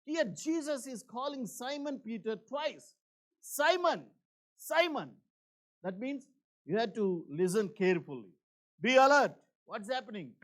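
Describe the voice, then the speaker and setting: A man preaching a church sermon in an earnest, repetitive way, with many fillers, swinging between emphatic and hushed. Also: high voice, lively intonation, moderate pace. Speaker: pastor.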